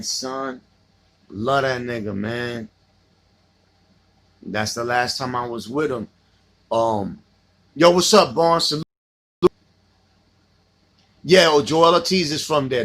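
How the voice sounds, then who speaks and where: Middle-aged New York man, husky, slightly high, casual livestream host swapping stories. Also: fairly bright tone. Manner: reminiscing, reading out viewer comments.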